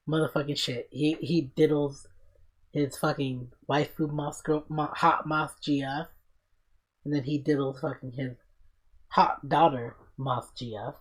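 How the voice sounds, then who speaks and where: A man hosting a casual podcast, telling stories in an excited, profane, rambling way. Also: medium pitch, moderate pace, slightly rough. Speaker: podcast host.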